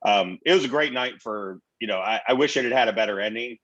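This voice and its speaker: Brief: relaxed male sports co-host, lower voice, muffled lo-fi mic. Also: quick pace, dry recording. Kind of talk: casual sports talk. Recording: dull lo-fi sound.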